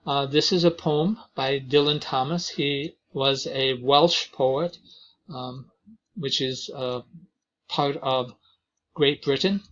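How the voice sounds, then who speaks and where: Slow-speaking man lecturing on poetry. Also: medium pitch, fairly even intonation, a bit bright, highs cut off. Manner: slow, deliberate delivery with many fillers and reading aloud of verses. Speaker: teacher.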